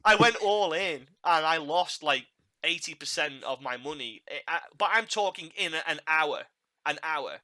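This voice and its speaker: A man's voice: fairly high pitch, expressive, moderate pace, pushed and bright. A man hosting a podcast, chatting casually and animatedly, laughing at his own mishaps and repeating words as he goes. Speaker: podcast host.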